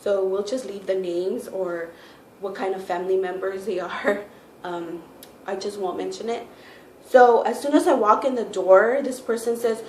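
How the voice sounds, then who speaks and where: A heavily pregnant woman vlogger chats casually with her viewers in a casual storytime, her medium-pitched, darkish voice moving at normal speed. She fills her speech with "like" and "you know". The room is echoey, with faint noise.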